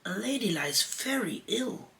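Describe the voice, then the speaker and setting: Guy doing a bossy little boy leader, higher voice, snappy orders, a bit far from the mic. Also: sing-song, vocal fry, pushed and bright, heavily acted. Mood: earnest. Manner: commanding, brisk orders.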